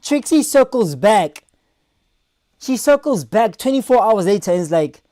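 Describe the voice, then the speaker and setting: A man hosting a live reaction stream, loud and animated, with crude banter and put-on voices. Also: sits high, unhurried, no room sound, studio quality.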